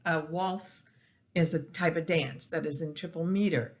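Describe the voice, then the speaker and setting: A woman's voice: low-pitched, fairly even intonation, normal speed. A woman music teacher giving a recorded classroom lecture, explaining patiently with restarts and counting beats aloud to show the rhythm.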